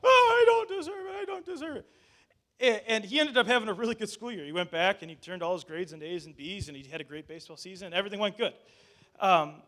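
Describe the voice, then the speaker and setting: Speaking quickly in a high, pushed, bright voice, this pastor shares a story from his own life in a relaxed sermon. His delivery is chatty, full of fillers and restarts, and he performs other people's lines.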